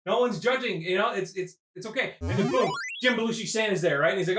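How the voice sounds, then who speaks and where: A man recapping a movie for laughs, rambling and swearing, breaking into shouted impressions. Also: high voice, quick pace, reverberant, noisy background. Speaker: podcast host.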